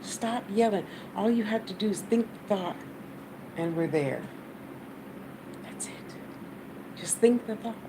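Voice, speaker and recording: A woman's voice: mid-range voice, lively intonation, a little slow, pauses often. A woman with an American accent giving casual, blunt spiritual advice to her viewers, swearing freely as she talks. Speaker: spiritual channel host. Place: at home, fan running. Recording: noisy fan and traffic behind.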